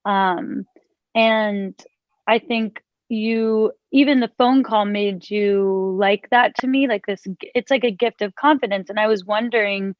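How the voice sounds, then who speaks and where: A woman's voice: medium pitch, fairly even intonation, a little slow, no room sound. Woman chatting and reading aloud, dull dry sound. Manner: hesitant, with many fillers and restarts in chat. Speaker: interviewer and author. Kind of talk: casual conversation and reading aloud from her book.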